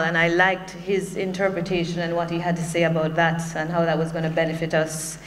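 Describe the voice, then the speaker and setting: A woman's voice: lowish voice, a bit bright. A woman from Jamaica with a Jamaican accent, giving a conversational conference speech as a workshop presenter, with humorous personal asides. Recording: long hall reverb, faint hum.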